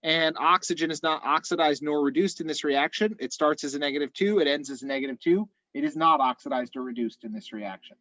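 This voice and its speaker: Man, slightly hoarse, chemistry instructor, methodical, fairly high voice, dry muffled call audio. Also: fairly quick, hardly any pauses, bright, forceful tone, dry recording. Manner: explains step by step, methodical. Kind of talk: online class review.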